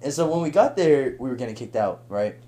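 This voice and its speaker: A young man telling a long story on a podcast in a casual, animated way, laughing and acting out the voices of the people in it. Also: mid-range voice, fairly quick. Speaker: podcast guest.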